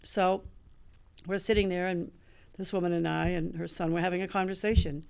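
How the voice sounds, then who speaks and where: This older woman in recovery, a show host, shares a personal story earnestly in a lowish, flat, creaky voice with a bit of mellowness, speaking at normal speed. She acts out what the people in it said, quoting their lines.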